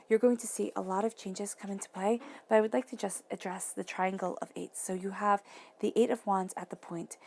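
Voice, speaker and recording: A woman giving an intuitive tarot reading to camera, enthusiastic and gushing, dropping into soft breathy whispers for emphasis. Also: mid-range voice. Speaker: tarot reader.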